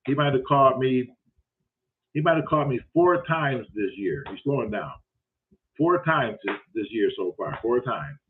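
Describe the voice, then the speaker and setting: A man's voice: medium pitch, sing-song, normal speed. A man tells a casual story in a rambling way, repeating himself and cussing freely. His voice sits in a middle range and sounds thin and tinny, like it is coming over a phone line. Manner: rambling, profane, repetitive. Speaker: show host.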